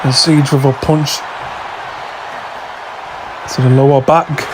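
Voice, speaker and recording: A man giving excited play-by-play wrestling commentary, shouting through near falls, his voice going hoarse from screaming. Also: medium pitch, slow, noisy background. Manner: shouting near counts, voice straining.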